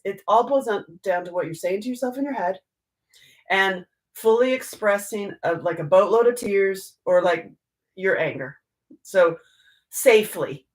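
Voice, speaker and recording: A woman host giving a casual live teaching talk, animated and joking, with many restarts and fillers. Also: on the low side, poor audio.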